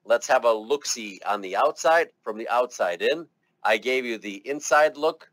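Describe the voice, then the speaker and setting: A man's voice: medium pitch, lively intonation, moderate pace, fairly bright tone, no room sound. Man, classroom lecturer, encouraging and chatty, dry close sound. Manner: encouraging, chatty, coaxes students to speak up. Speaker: medical terminology instructor.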